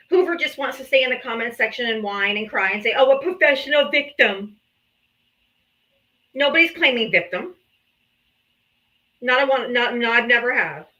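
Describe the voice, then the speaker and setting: Combative bright-voiced woman streamer. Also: a little high, lo-fi sound. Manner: combative, taunting, calls out viewers. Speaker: livestream host. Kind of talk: confrontational political livestream.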